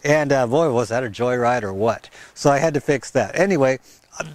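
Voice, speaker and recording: A man's voice: mid-range voice, a little fast, dry recording. A man hosting a gardening vlog in a windy garden, rambling and chatty, laughing at himself. He talks into a wireless mic with a fuzzy windscreen. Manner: sing-song baby talk to his dog. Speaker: gardening channel host. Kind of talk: casual outdoor vlog.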